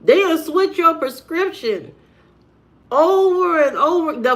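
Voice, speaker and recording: A woman's voice: very high voice, lively intonation, measured pace, a bit bright. A woman vlogger giving a blunt, preachy monologue and firing off rhetorical questions. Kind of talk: preachy straight-to-camera monologue.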